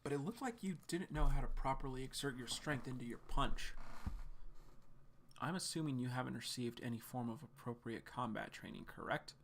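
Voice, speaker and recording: A stern female combat trainer, read by a man with a gravelly voice. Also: mid-range voice, moderate pace, fairly bright tone, a little hiss or hum, close to an everyday voice. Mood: instructive. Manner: blunt, commanding, read aloud from a comic.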